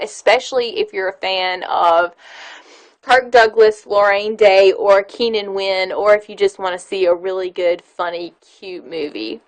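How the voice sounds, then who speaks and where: A woman's voice: medium pitch, poor audio. A woman giving a casual movie review on her vlog, chatty and gushing, with frequent fillers.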